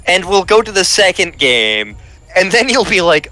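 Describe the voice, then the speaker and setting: Man, casual gaming chat, animated joker; lively pitch, bright tone. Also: no echo. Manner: animated, joking, quick self-interruptions. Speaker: co-host playing a game.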